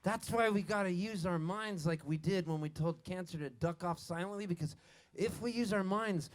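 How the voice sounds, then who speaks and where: A man's voice: high voice, normal speed. A man from Canada, a singer-songwriter, chatting and telling a rambling joke to a live festival crowd, laughing at his own punchlines. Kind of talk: on-stage banter and storytelling. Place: outdoor festival stage. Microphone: stage vocal mic on the soundboard. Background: a band softly playing.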